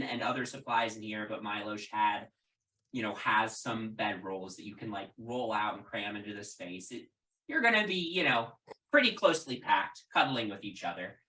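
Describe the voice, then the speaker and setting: Echoey, halting game master. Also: male voice, lowish voice, animated, bright, forceful tone. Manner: hesitant, full of ums and restarts. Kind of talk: narrating a tabletop game.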